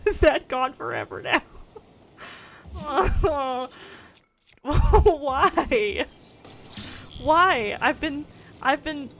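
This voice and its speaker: Young woman, game streamer, animated slow-paced chatter full of laughs, slightly higher voice. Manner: chatty, laughs often, exclaims at game mishaps. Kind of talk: casual gameplay commentary.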